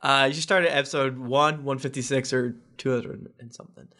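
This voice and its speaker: A man's voice: mid-range voice, fairly even intonation, moderate pace, bright, forceful tone. A man hosting a casual podcast, reading listener reviews aloud and breaking off into jokey asides and chuckles. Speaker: podcast host.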